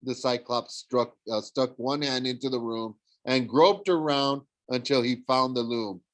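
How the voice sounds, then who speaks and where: A man reading a novel aloud, animated, with frequent slips and self-corrections. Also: mid-range voice, measured pace, no echo. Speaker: audiobook reader. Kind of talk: storybook read-aloud narration.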